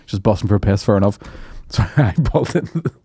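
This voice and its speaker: Brief: man, comic guest, rambling sweary storyteller, lowish voice, dry sound. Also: expressive, brisk, warm tone, breathy edge, no echo. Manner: laughing, sweary, rambling anecdotes. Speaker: comedian guest. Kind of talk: casual chat, storytelling.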